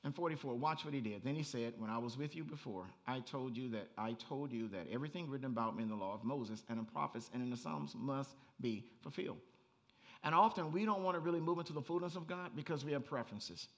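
A man preaching a sermon as pastor, animated and conversational, rising to near-shouts and breaking into laughing asides. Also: mid-range voice, quick pace.

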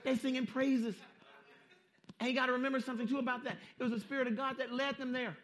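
A male pastor preaching a sermon, emphatic and folksy, repeating phrases and swinging between hushed and loud. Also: extremely high pitch, fairly even intonation, fast talker. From Southern California. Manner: folksy street-style preaching.

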